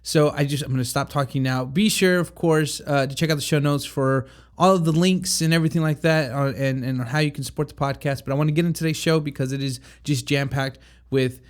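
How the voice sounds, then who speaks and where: A man hosting a podcast in an energetic, fast-talking way, laughing often. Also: mid-range voice. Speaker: podcast host. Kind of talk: casual upbeat podcast chat.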